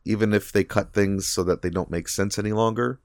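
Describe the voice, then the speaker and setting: A podcast co-host chats casually, rambling with plenty of fillers and restarts. His voice sits on the low side with a steady tone, and he talks fairly quickly. The recording is dry, with clean studio sound.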